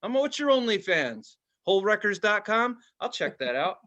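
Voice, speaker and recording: A man's voice: high-pitched, sing-song, normal speed, pushed and bright, muffled recording. A man co-hosting a casual podcast chat, riffing animatedly and acting out little voices. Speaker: podcast co-host.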